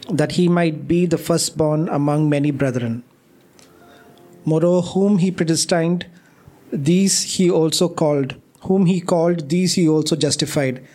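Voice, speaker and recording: A man reading a scripture passage aloud in a steady, measured way during a sermon. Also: a little high. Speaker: scripture reader.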